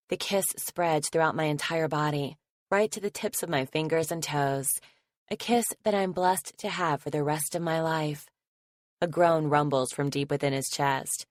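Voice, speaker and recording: A woman narrating a first-person romance audiobook in a soft, affectionate way. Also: sits low, no echo, clean studio sound.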